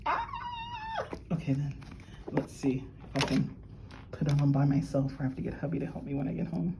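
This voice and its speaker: A woman, gushing and excitable as she unboxes jewelry and chats with viewers she calls y'all. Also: deep voice, brisk, background noise. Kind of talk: casual unboxing chat to viewers. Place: at work.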